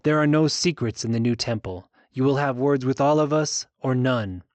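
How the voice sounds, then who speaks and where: A stern monk leader lays down terms in cold, measured, logical words in a fantasy audiobook, as a male narrator reads him. His voice sits at a middle pitch, and the recording is close and dry. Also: darkish tone, dry recording, natural voice. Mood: cold, firm.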